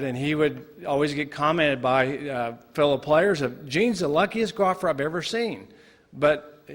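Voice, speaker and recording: A man's voice: medium pitch, a bit bright. Man giving an earnest tribute in a hall. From Oklahoma. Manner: earnest, reminiscing, some hesitation. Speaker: son giving a family tribute. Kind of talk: speech at an induction ceremony. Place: ceremony hall. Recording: long reverb of a hall.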